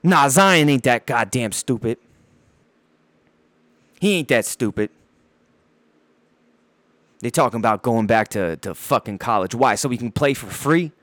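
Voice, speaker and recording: A man's voice: mid-range voice, lively intonation, unhurried, pauses often, a bit bright, no echo. A man hosting a podcast, ranting about basketball with constant swearing, stumbling over his words while fired up and bouncing around with a handheld mic. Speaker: podcast host. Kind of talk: profane sports rant.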